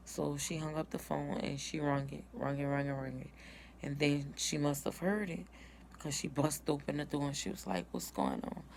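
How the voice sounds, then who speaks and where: A woman's voice: sits low, gravelly, a little hiss or hum. A woman telling her birth story in a casual vlog, acting out each person's words as she goes. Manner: casual, retells dialogue in quotes.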